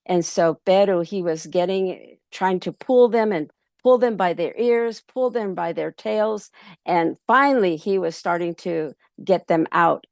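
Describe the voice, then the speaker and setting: A woman storyteller at a festival workshop who tells a folk tale in an easy, rambling way, with many pauses. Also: fairly low pitch, vocal fry, no room sound, studio quality. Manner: relaxed, many ums and restarts.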